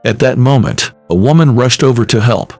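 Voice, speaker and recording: A man narrating a scripted first-person story with soft music behind. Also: mid-range voice, moderate pace, dry recording.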